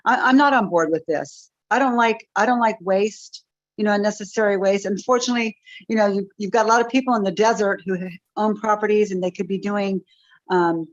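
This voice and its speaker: A woman's voice: medium pitch, no echo. Blunt sarcastic woman on a muffled line. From Northern California. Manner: blunt, sarcastic, many restarts. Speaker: public commenter. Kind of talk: public comment.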